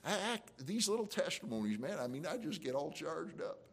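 A man's voice: fairly high pitch, very animated, brisk, creaky, husky. A man preaching a sermon as pastor, conversational and fervent, with emotional surges, frequent restarts and folksy asides.

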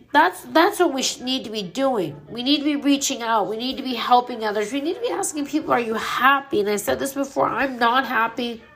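Candid middle-aged woman, higher voice. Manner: candid, earnest, swears freely. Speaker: podcast host. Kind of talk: personal grief podcast monologue.

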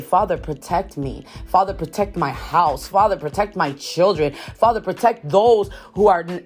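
A woman in her forties hosting a faith podcast, talking earnestly and repeating phrases for emphasis. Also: mid-range voice. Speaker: podcast host.

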